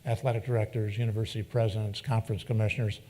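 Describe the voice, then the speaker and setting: A man's voice: fairly low pitch, level tone, very fast, dark tone. A middle-aged man giving a folksy, anecdotal speech to an audience, acting out the quoted dialogue as he goes. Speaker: keynote speaker. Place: event venue before an audience.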